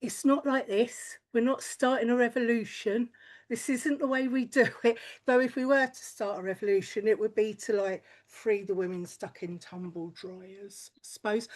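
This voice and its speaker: A woman's voice: mid-range voice, steady tone, moderate pace. A woman performing a stand-up comedy set, blunt and crude, with chatty tangents and frequent swearing.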